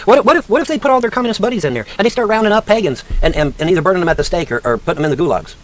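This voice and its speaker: This male online commentator speaks in a high, expressive voice at a rapid-fire clip. His profane rant is furious and mocking, delivered like a sarcastic teacher's lecture as he yells insults at a named woman.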